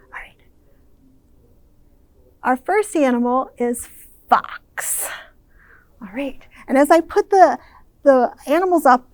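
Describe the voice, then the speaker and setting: Children's librarian lady reading storytime, super slow and high, very expressive, hushes a lot. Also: no room sound. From Ohio, US. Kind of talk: picture-book read-aloud storytime.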